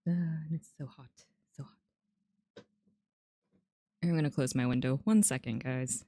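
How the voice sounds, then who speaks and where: A woman's voice: rumbling low, a little slow, mellow. A woman streamer chatting casually and reading game characters' lines in put-on voices, with a playful, giggly manner, at home. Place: room at home.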